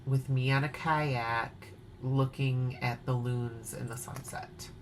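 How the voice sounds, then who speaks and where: A woman with a rumbling low voice talks in a steady tone at a slow pace over a noisy background. She's from Wisconsin with an Upper Midwest accent, and during a nighttime show-and-tell at home she playfully chats about her cross-stitch, singing bits of songs along the way.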